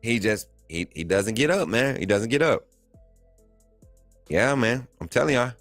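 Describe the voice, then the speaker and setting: Animated Southern man hosting a live stream. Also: medium pitch, measured pace, no echo, soft background music. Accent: Southern US, Alabama. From Alabama. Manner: animated, laughs often, reads and answers chat comments. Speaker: host of a live sports stream. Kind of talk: casual live-stream commentary.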